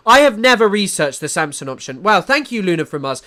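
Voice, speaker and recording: Reading out chat and riffing on the news, this English livestream host rambles and keeps restarting his sentences. He talks briskly with few pauses in a high, sing-song voice with a sharp tone.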